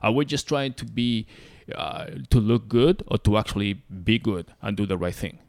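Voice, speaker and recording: A man's voice: fairly low pitch, normal speed, a little mellow, no room sound. Rambling, ranting man with a dry sound. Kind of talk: casual podcast chat.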